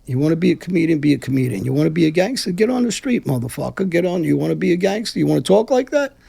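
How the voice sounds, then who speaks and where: New man, very gravelly voice, dark husky tone, blunt and profane. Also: fairly high pitch, sing-song, rapid-fire. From Brooklyn, New York. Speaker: guest, former mafia figure. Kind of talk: casual interview talk.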